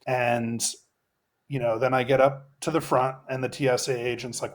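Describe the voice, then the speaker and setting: A man's voice: medium pitch, level tone, normal speed. A middle-aged man, an executive coach, telling a personal story in a podcast interview, reflective and earnest, with many fillers and restarts.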